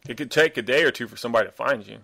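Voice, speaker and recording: Man, casual chat, relaxed, chimes in, asks questions. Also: medium pitch, rapid-fire, creaky. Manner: relaxed, chiming in and asking questions.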